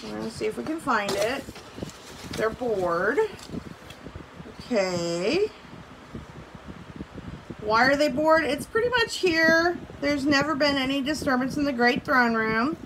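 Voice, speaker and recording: A woman's voice: high-pitched, lively intonation, takes it slowly, pauses often, noisy background. Casual young woman teacher reading to class. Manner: casual, filler-heavy explaining with light laughs. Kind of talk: reading aloud and explaining to a class.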